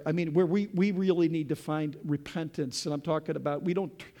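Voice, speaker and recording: A man's voice: on the high side, fairly even intonation, fairly quick, warm tone. A man preaching a sermon as pastor, impassioned, often calling out "folks" and "okay?" to the congregation. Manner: impassioned, often raises voice when voicing prayers and quotes.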